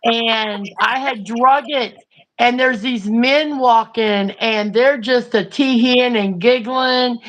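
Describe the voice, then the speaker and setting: A woman's voice: a little high, fairly even intonation, takes it slowly, fairly bright tone. A woman, hosting a livestream and chatting through a funny story with lots of fillers. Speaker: livestream host. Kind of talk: casual storytelling chat.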